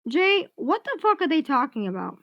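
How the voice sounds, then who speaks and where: High-pitched lady ranting on a home livestream, cursing a lot, dry close sound. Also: big pitch swings, moderate pace, no echo, dull audio. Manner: angry ranting with heavy swearing; reassuring asides to someone off-mic. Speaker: livestream host. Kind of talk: casual livestream chat.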